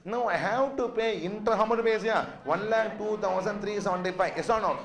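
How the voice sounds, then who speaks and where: High-voiced guy, teaching finance, keeps firing "yes or no?" at the class. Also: a little fast. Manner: drilling students with constant "what?" and "yes or no?" questions. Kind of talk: classroom lecture.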